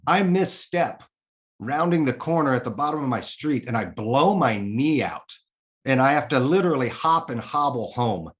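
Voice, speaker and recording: A middle-aged man from the Kansas City area, a guest in a casual interview, telling his own story in an animated way, swearing freely and voicing his own thoughts aloud. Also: medium pitch, normal speed.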